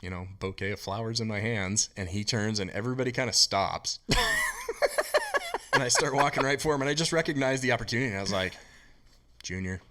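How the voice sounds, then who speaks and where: A man who is a guest on a podcast, telling stories in a casual, animated way and acting out the people in them. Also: medium pitch, fast. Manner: animated anecdote teller, voices the people in his stories. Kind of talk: casual storytelling.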